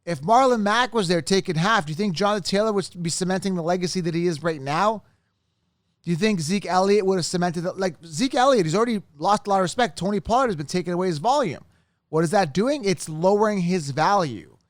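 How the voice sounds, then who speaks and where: A man with a fairly high voice hosts a solo podcast, heated and emphatic, repeating himself as he vents. The sound is close and dry, with no room around it. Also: no room sound. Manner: heated, venting, emphatic with frequent "right?". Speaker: fantasy football podcast host.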